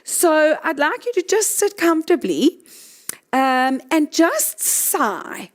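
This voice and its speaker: A middle-aged woman leading a guided breathing talk, gently walking listeners through exercises. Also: high-pitched, sing-song, takes it slowly. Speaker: breathing coach.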